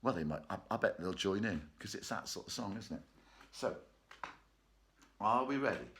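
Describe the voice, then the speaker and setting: A man with a lowish, animated voice, moderate pace, and fairly bright tone runs a casual online choir rehearsal from his bedroom at home, with slight background noise. As choir leader he's chatty and joking, laughing frequently.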